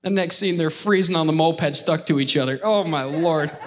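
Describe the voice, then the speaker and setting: Male pastor, high-pitched, playful preacher who works the room and keeps calling for responses. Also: moderate pace, a bit bright, slight background noise. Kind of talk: lively sermon with crowd call-outs.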